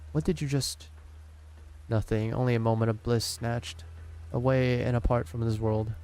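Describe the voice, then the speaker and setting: A man with a gravelly, fry-laden voice reads a game's story dialogue aloud on stream. His tone is dark and mellow, his pitch sits mid-range, and he takes each line slowly, tripping and restarting on words now and then. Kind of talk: dramatic reading of game dialogue.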